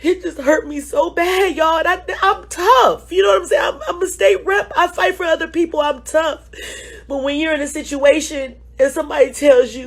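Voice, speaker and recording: Tearful high-voiced woman. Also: fairly even intonation, moderate pace. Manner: pleading, repeats "y'all". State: tearful, crying. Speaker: state representative. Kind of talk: emotional phone video testimony.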